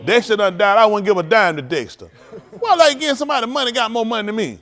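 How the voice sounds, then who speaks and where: A man giving loose, animated commentary at a livestreamed service, laughing often. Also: high voice, quick pace. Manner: animated, laughing, preachy street talk. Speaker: preacher.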